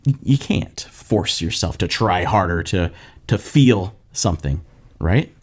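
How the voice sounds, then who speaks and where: A young man preaching a casual sermon. He tells a story and acts out the quoted voices with animated energy. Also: lowish voice, normal speed. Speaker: pastor.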